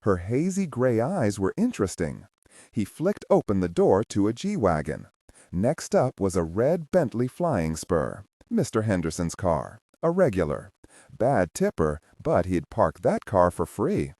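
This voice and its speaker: A man narrates a thriller audiobook in a low, dark voice. His pitch moves widely as he tells the story in a measured way. The sound is dry and close. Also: huge pitch swings, dry recording. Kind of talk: scripted narration.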